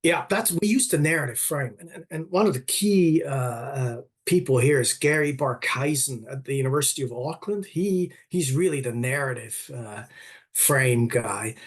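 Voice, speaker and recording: Husky-voiced man giving an online talk. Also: medium pitch. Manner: hesitant, many restarts and fillers. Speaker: academic presenter. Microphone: video call.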